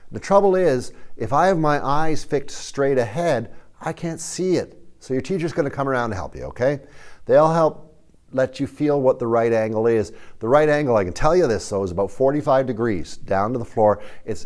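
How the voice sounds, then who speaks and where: A middle-aged man teaching a beginner music lesson to kids, folksy and animated, speaking straight to them. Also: medium pitch. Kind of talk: instructional video lesson for kids.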